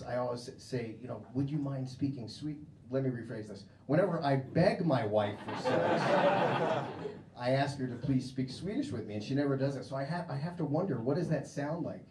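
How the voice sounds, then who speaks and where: An American man doing a crude, mocking stand-up comedy set on a club stage, acting out voices. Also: mid-range voice. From United States. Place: comedy club stage before a live audience. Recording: roomy club with loud crowd noise.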